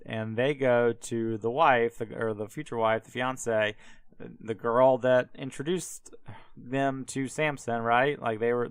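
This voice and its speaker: Smooth-voiced man, casual irreverent podcast talk. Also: mid-range voice, dry recording. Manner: irreverent, profane, heavy on fillers. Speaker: podcast host. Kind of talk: casual comedic retelling of a Bible story.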